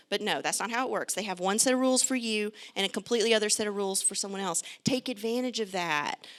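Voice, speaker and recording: A woman's voice: medium pitch, quick pace, few pauses, a bit bright. Chatty, direct woman pediatrician. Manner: chatty, direct, joking asides. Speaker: pediatrician giving a parenting talk. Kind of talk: lively presentation to parents.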